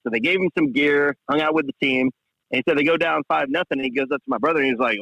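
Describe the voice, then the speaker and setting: A man's voice: on the high side, very fast, fairly bright tone, dry recording. A tipsy man telling a laid-back story on a casual sports talk show. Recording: dull dry radio sound.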